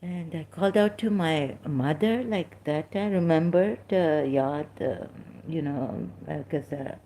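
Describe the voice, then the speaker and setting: A woman's voice: deep voice, unhurried, dark tone, slight background noise. A middle-aged woman from Pakistan, giving unscripted religious commentary in a rambling, hesitant way, full of fillers and restarts.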